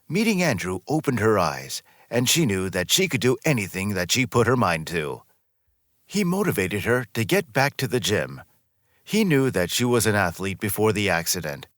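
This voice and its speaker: A man with a low voice narrates a scripted story, his pitch rising and falling in a lively way. The reading is smooth and even, close to the mic, with a dry sound and no room echo.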